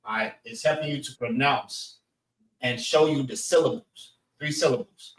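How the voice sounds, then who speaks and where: A man's voice: a little high, moderate pace, a bit bright, reverberant, distant mic. A man teaching a language class, patiently breaking words into syllables for his students. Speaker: class instructor.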